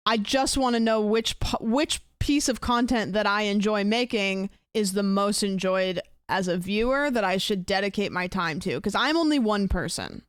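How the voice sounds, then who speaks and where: Young woman, streamer, casual rambling chat, smooth clear voice, dry close sound. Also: mid-range voice, normal speed, hardly any pauses, dry recording. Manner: chatty and rambling, thanks viewers for gifts.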